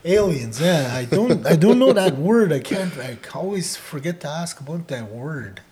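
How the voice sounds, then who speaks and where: There's crowd noise behind this podcast co-host, whose voice is a little high and moves at normal speed. Teaching Odawa in easygoing chat, he caps phrases with "eh?" and becomes loud and laughing when he tells a story.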